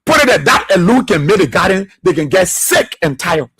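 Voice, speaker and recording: A man's voice: high-pitched, big pitch swings, fairly quick, fairly bright tone, husky. A man hosting a political radio talk show, impassioned and repetitive, firing rhetorical questions and laughing often.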